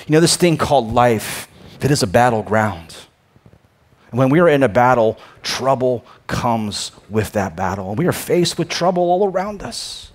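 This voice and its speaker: At normal speed and in an animated, mid-range voice, a pastor from the United States delivers an emphatic sermon. His delivery alternates between booming declarations and hushed asides, and he frequently repeats words when starting a phrase.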